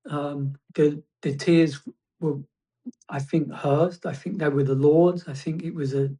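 A man's voice: a little high, steady tone, dark tone. Reflective man telling a story. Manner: reflective, halting, many restarts. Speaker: guest. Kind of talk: personal testimony in conversation.

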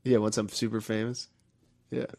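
Male guest, young adult, mid-pitched. Laid-back, laughing. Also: little pitch movement, normal speed, vocal fry, darkish tone. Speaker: podcast guest. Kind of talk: casual chat.

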